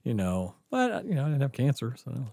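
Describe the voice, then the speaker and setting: A man's voice: medium pitch, fairly quick, gravelly, dry recording, clean studio sound. A man casually telling a personal story, acting out the voices in it and laughing often. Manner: animated, acts out quotes, laughs often. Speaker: guest storyteller.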